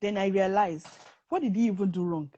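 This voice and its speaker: A middle-aged woman, a podcast guest telling stories in lively casual chat. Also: mid-range voice, brisk, dull audio. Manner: lively storyteller who acts out quotes.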